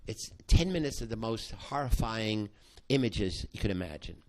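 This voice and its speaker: An older man, a psychology professor, recounting a past study to an audience in halting speech full of restarts. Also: on the low side, expressive, a little hiss or hum. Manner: halting, with many restarts, acting out quoted voices. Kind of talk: spoken storytelling to an audience.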